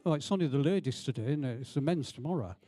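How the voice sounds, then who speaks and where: A man's voice: mid-range voice, animated, fast, warm tone. A man hosting a live show, chatting and teasing the audience before introducing the act. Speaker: event host.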